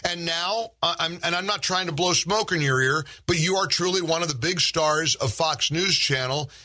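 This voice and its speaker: Bright-voiced rambling talk show host. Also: male voice, on the high side, normal speed. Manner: rambling, frequent restarts and stammers. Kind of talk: conversational interview.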